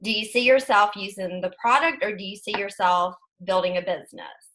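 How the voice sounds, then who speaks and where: A woman with a Southern US accent asking a question on a conference call, chatty and animated. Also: mid-range voice, fairly quick, rough recording. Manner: chatty, animated, self-deprecating. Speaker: caller.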